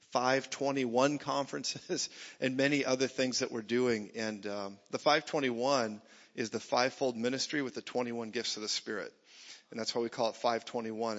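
A man preaching a lively sermon to a church gathering, joking with the crowd and rising to shouts. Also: mid-range voice. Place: church meeting hall. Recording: dull sound in a reverberant hall.

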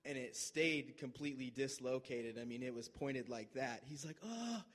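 A man casually retelling a friend's injury in a measured, dry way. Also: medium pitch, steady tone, a bit bright. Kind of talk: casual storytelling.

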